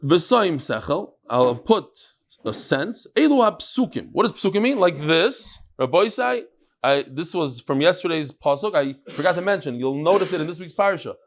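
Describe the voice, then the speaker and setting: With a voice on the high side, animated and moderately paced, a middle-aged man teaches a daily Talmud session. He talks casually, restarts often, goes off on asides, and blends Hebrew and Aramaic terminology.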